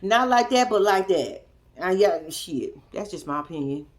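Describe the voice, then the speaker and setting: Brief: woman vlogger, chatty and blunt, swears freely, middle pitch. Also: lively intonation, moderate pace. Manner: candid and blunt, slangy, with cussing; chatty, addresses viewers directly. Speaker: reality show recap host. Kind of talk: casual recap commentary.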